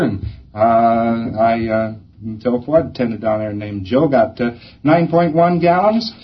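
A man's voice: mid-range voice, muffled recording. A man giving a rambling, folksy lecture that slips into acted-out bits of dialogue. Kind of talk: recorded lecture.

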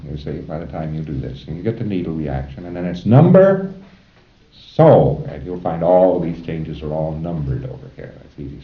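Man, very deep voice, folksy lecturer, chuckling, echoey room, muffled old tape. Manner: folksy, chuckling, acts out dialogues. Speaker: lecturer training auditors. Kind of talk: recorded lecture to a class.

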